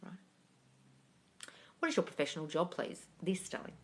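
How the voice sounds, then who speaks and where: Her voice sits on the low side, swinging widely in pitch at a moderate pace. As a manifesting coach answering viewers' comments live, she speaks bluntly, curses liberally, and addresses everyone as darling.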